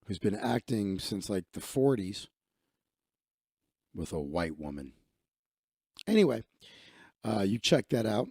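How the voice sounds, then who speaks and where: A man's voice: medium pitch, warm tone, no echo, clean studio sound. A man hosting a live stream, chatting casually in a crude, rambling, joking way. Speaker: livestream host.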